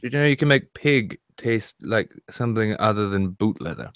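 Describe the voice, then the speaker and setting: Deep-voiced, crude, joking man. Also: expressive, moderate pace, a bit bright, clear, resonant tone, no echo, clean studio sound. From United States. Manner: crude, joking, swears freely. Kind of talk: casual live-stream chat.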